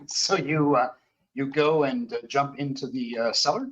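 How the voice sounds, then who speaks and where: A man narrating as game master for a horror tabletop game, halting with fillers. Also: mid-range voice, husky, highs cut off. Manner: halting, many fillers, lively.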